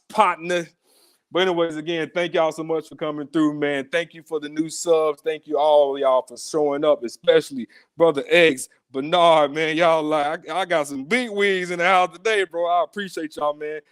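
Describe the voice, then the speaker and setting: A high-voiced man hosts a casual podcast. He talks in loud, profane bursts of mock outrage and laughs between lines. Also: steady tone, moderate pace, clear, resonant tone, no room sound, clean studio sound. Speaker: podcast host. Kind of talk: casual live-stream podcast chat.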